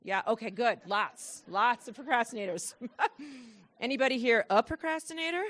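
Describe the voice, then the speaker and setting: A woman giving a lively presentation to a room of parents, asking the audience questions and acting out children's thoughts in quoted voices. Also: a little high, moderate pace.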